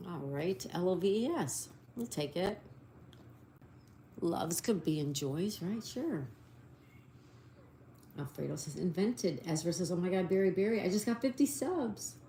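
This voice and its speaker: A woman hosts a relaxed live stream, working through answers and reading out viewer messages. She talks slowly and spells each word letter by letter. Her voice is mellow and sits a little low. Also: a little hiss or hum. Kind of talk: casual live-stream chat.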